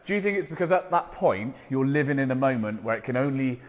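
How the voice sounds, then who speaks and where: Man, casual podcast chat, animated, asks a lot, casual swearing; mid pitch. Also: quick pace, big-room sound. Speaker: podcast conversation partner.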